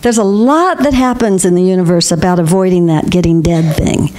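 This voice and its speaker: A woman's voice: fairly low pitch, a little fast. Laughing older woman giving a talk. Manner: warm storytelling with frequent laughter. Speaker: guest speaker. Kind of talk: spiritual talk to a congregation.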